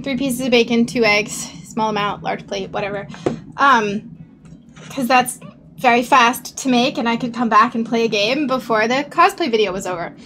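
High-voiced young woman telling a shaky story. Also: slight background noise. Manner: animated, rising to panicked shouts and laughter. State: still shaky. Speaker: streamer. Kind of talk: casual storytelling to stream.

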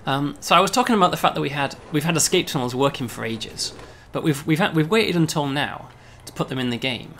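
A man, a game developer, casually explaining a game demo, often pausing on "um" and checking with "right?". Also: a little high, pushed and bright, slight background noise.

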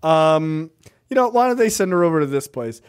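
A male podcast co-host talking in a lively, sweeping voice that sits a little high. He mocks and jokes in casual, profane chat. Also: moderate pace, smooth. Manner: animated, profane, mocking.

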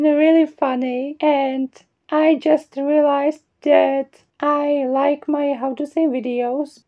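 Woman, non-native English speaker, high voice, slow delivery, self-deprecating, reads a word list. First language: not English. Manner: chatty, self-deprecating, laughs at words. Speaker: video creator. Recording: dull lo-fi recording.

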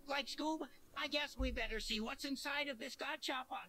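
Shaggy the jittery cartoon slacker, drawling in a high, thin voice as he frets nervously. A played-in sound clip. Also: normal speed. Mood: scared. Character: Shaggy impression, nervous laid-back young cartoon man.

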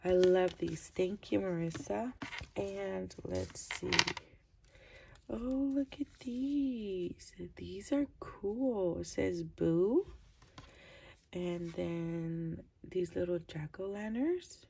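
A woman chatting casually as she opens craft mail, gushing over each piece and keeping her voice low early in the morning. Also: slow, gravelly, mellow, slightly rough. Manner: gushing, keeps low to avoid waking her child. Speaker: crafting vlogger opening mail. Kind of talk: casual unboxing chat.

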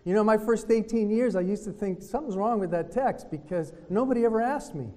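A man giving a retreat talk in a preaching style, telling lively stories and acting out what other people said. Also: high-pitched, a little fast. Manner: lively storytelling that acts out other people's words. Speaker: retreat speaker. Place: hotel conference room. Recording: long reverb of a hotel meeting hall.

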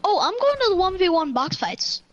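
A woman's voice: very high-pitched, sing-song, brisk, muffled recording, faint music behind. A woman in a game voice chat who talks in a breezy, slangy way and teases the others. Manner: breezy, teasing, slangy greetings. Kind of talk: casual gaming voice chat. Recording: background noise in a game voice chat.

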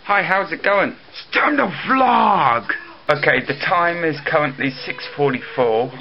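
A man vlogging in a casual, jokey way, swinging from mumbled asides to loud excited bursts, on dull lo-fi camera audio with faint hiss. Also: medium pitch. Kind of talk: casual vlog.

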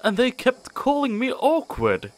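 A man voicing Neville, a shy, timid goods engine who speaks quietly and sadly. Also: extremely high pitch, wildly swooping pitch, a little slow, pitched above the performer's own voice, full character voice. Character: shy, sad awkward-looking male goods engine.

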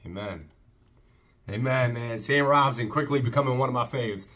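A man's voice: mid-range voice, normal speed, fairly bright tone. A man hosting a casual faith-based music reaction, talking with enthusiasm and breaking into short preaching asides. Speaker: reaction channel host.

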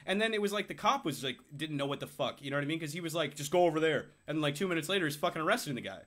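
A man's voice: on the high side, lively intonation, rapid-fire, pushed and bright. A man hosting a casual podcast, ranting heatedly and swearing a lot, slipping into quoted voices. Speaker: podcast host. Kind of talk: casual chat.

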